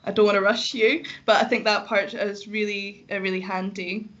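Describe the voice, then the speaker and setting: Woman gently prompting a speaker. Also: mid-range voice, level tone, normal speed, muffled recording. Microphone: video call.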